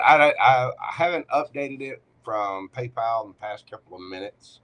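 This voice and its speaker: Slow-talking low-voiced man reading tarot. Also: noisy background. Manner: chatty, talks to himself while shuffling. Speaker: tarot reader. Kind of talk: casual live-stream tarot reading.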